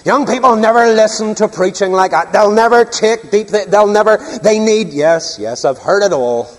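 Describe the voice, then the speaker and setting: Older preacher, emphatic sermon delivery, voice soaring high in a reverberant hall. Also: male voice, normal speed. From Northern Ireland. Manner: emphatic, rhetorical questions, sweeping pitch.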